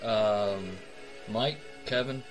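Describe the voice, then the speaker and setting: A man's voice: on the low side, drawn-out words, soft background music. Joking, self-deprecating podcast co-host man. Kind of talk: casual chat.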